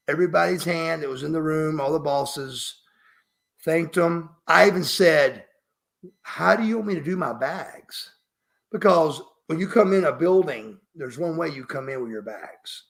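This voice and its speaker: Raspy man telling a story. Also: on the high side, measured pace. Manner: emphatic, profane, refers to himself by name. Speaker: podcast guest. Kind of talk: storytelling interview.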